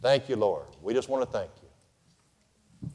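A man's voice: medium pitch, expressive, slow, a little mellow. A man preaching a folksy, humorous sermon to his congregation. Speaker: pastor. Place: church sanctuary. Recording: long reverb of a church hall.

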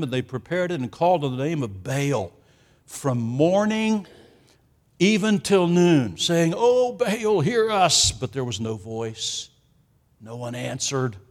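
A man preaching a sermon, emphatic, with sarcastic asides and loudness that swings from hushed to booming.

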